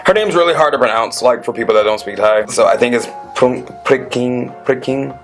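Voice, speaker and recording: A man giving a chatty, expressive recap of a TV episode as a channel host, often acting out the characters' lines. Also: mid-range voice, fast talker, faint music behind. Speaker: show recap YouTuber. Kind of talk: casual recap commentary.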